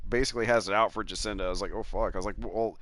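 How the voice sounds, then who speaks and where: A man's voice: fairly low pitch, fairly even intonation, rapid-fire, fairly bright tone, dry recording. Profane, rambling male game streamer. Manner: rambling, profane, chuckling storyteller. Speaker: gaming streamer. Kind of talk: casual chat while live streaming a racing game.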